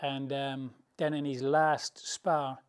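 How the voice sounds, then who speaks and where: A man's mid-range voice moves slowly as he answers interview questions with stories. He's an English boxing trainer, animated and laughing often, with a loose, colloquial, rambling way of phrasing things.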